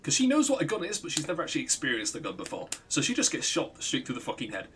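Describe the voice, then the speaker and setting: A man's voice: mid-range voice, huge pitch swings, racing, a bit bright, a little hiss or hum. A man streaming a game, rambling through a retold story, swearing and laughing often. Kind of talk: casual chat while gaming.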